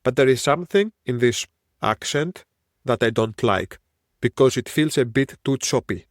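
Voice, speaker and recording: A man's voice: mid-range voice, moderate pace, no room sound, clean studio sound. A man in his thirties with a Greek accent, hosting a solo podcast in a reflective, wandering way. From Greece. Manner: reflective, musing, wandering train of thought. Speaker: podcast host.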